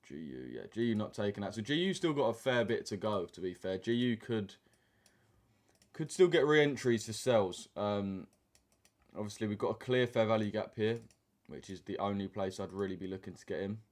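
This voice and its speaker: A man's voice: lowish voice, animated, normal speed, darkish tone. A young man, hosting a trading live stream and chatting casually with viewers in slang while reading the chat aloud. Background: keyboard typing and mouse clicks.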